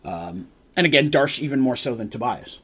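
A man's voice: mid-range voice, animated, normal speed, fairly bright tone, breathy edge. A man narrating a tabletop game as its game master on a live stream, rambling with casual asides and correcting himself as he goes.

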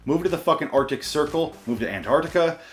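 A man's voice: fairly high pitch, lively intonation, fast, soft background music. A man hosting a comedy show, ranting and swearing in mock exasperation, his voice worn out. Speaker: podcast host. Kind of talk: profane comedic rant.

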